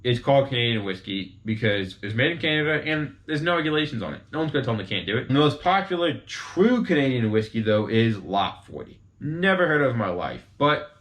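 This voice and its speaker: A man's voice: medium pitch, big pitch swings, brisk, few pauses, a bit bright. Chatty man explaining casually. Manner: chatty, informal, talks straight to viewers with asides. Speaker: host explaining whiskey types.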